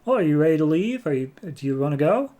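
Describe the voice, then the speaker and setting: Brief: a man doing a chirpy, flustered suburban mom, pitched up, quick. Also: sing-song, warm tone. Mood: startled. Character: flustered suburban wife, mother of two.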